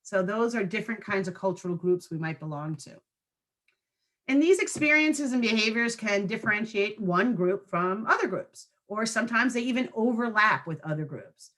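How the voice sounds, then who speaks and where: A woman's voice: mid-range voice, lively intonation, normal speed, fairly bright tone. Woman giving a staff training talk, casual and chatty, keeps asking if folks follow. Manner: conversational, checks in with frequent tag questions. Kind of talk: online training presentation.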